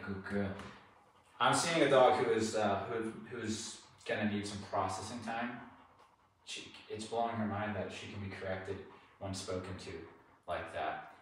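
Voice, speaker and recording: A man with a lowish voice talks through a dog training session, explaining each step in a plain, steady way. He sounds far from the mic, with a strong echo and a faint hiss behind him. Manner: calm explanation broken by high-pitched praise to the dog. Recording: distant echoey mic with faint noise.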